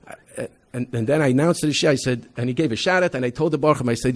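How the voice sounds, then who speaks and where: A man, a rabbi giving a convention talk, animated storytelling with frequent restarts and loudly acted-out quotes. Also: mid-range voice, fast talker. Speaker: rabbi presenting an educational program. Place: convention hall.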